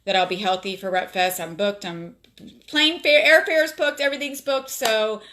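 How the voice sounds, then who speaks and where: There's slight background noise as a South Florida woman, streaming from her phone at home, tells a story with many fillers and much emotion. Her mid-range voice has a sharp tone and moves at normal speed.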